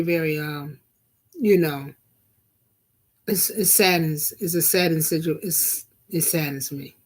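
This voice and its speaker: A middle-aged woman talks slowly to her live-stream viewers, sermonizing in a relaxed, conversational way. She circles back and repeats key phrases for emphasis and breaks into laughter at times. Her voice sits a bit low. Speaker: vlog host and minister. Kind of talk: casual live-stream commentary.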